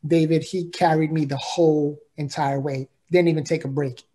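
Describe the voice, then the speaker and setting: A man's voice: a little high, steady tone, moderate pace, warm tone. Earnest man telling a heartfelt story. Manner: earnest, heartfelt, with frequent repetitions and "right?". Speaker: podcast guest. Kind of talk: emotional personal storytelling.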